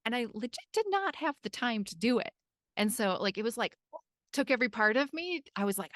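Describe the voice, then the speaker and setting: Animated chatty Midwestern woman host. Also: a little high, brisk, no echo, studio quality. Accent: American Midwestern. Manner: chatty, animated, acts out quotes. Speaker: podcast host and life coach. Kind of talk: casual podcast chat.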